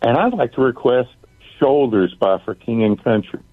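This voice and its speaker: A man's voice: mid-range voice, expressive, moderate pace, husky, no room sound. Male caller, phone-line sound. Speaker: radio caller. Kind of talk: phone call to radio.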